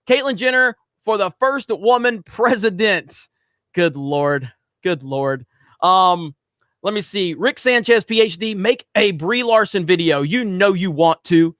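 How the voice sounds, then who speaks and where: A man from the United States with a high-pitched, fairly bright voice hosts a casual livestream, rambling with lots of fillers as he reads out viewer super chats. The audio is studio quality with no echo.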